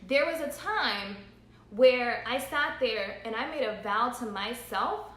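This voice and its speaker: A woman's voice: fairly high pitch, lively intonation, slow pace, bright, forceful tone, reverberant. A woman in her thirties speaking earnestly on a livestream, repeating her points and laughing through emotion. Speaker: entrepreneur vlogger. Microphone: phone livestream.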